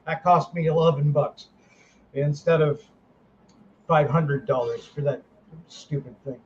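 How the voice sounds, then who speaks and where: Blunt rambling host, slightly higher voice. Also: male voice, fairly even intonation, measured pace. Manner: rambling, blunt, self-correcting. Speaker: host, paranormal investigator. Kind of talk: casual panel chat. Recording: dull lo-fi audio with faint hiss.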